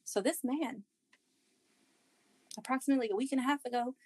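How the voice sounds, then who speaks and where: A woman's voice: high-pitched, a little fast, darkish tone, husky, no room sound, poor audio. A woman in her thirties, a podcast co-host in casual chat with friends, telling a story with lots of swearing and acting out her own lines.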